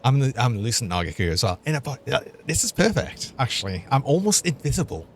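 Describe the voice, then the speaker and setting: A man's voice: mid-range voice, very animated, fast talker. A young man, chatting and laughing as he streams a game. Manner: chatty, laughs often, thinks aloud. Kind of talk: live gameplay commentary.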